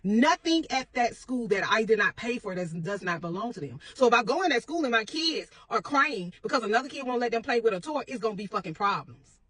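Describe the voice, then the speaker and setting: A woman's voice: on the high side, lively intonation, a little fast, hardly any pauses, a bit bright, slightly rough, dry recording. A woman telling a personal parenting story in a casual, blunt, rambling way, with some profanity. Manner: rambling with restarts; confident.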